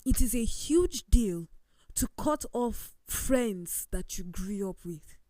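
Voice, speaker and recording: A woman's voice: mid-range voice, animated, takes it slowly, dark tone, no echo. A woman on a panel talk show, earnest and emphatic as she cites scripture. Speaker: co-host.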